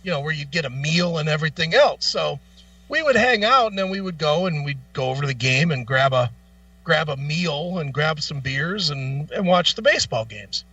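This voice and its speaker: A man co-hosting a talk show, telling a long profane anecdote in a casual, animated way. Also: a little high, moderate pace, no room sound, far from the mic, dull audio. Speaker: co-host. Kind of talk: casual storytelling.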